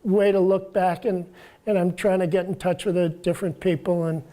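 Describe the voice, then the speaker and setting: Soft-spoken man in his seventies. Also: sits high, level tone. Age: 70s. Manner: halting, repeats words, chuckles through stories. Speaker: guest author. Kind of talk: casual storytelling talk.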